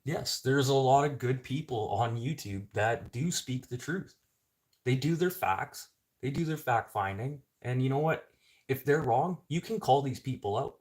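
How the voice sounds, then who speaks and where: A man's voice: medium pitch, lively intonation, measured pace, a little mellow. A middle-aged man from Canada in a casual ranting monologue, blunt and swearing, rising to sudden outbursts. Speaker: vlogger.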